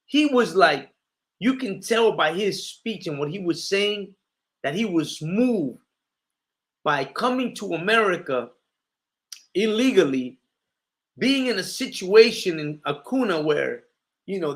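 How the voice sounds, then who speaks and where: High-pitched impassioned male preacher. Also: expressive, a little slow. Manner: impassioned, rhetorical questions, many fillers. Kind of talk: street-style sermon.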